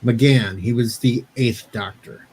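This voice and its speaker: A man, a panelist on a live-stream show, laying out his opinion quickly and firmly. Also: mid-range voice, noisy background.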